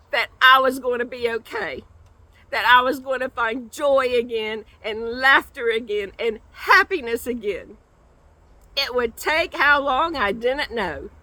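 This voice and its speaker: An older woman giving an earnest personal testimony, telling her story slowly with lots of repetition. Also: on the high side, sharp tone, no room sound, low-quality recording. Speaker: guest sharing her recovery story.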